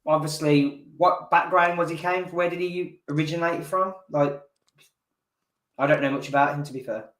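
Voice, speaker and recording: A man's voice: on the high side, fairly even intonation, moderate pace, a bit bright. Sex: man. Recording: roomy echo. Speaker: podcast co-host. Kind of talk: casual wrestling chat.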